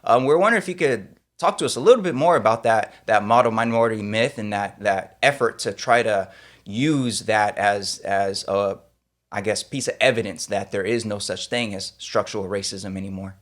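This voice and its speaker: A man's voice: fairly low pitch, moderate pace. A man from California hosting a podcast interview in a casual, conversational way, full of "like" and slang. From California, USA. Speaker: podcast host.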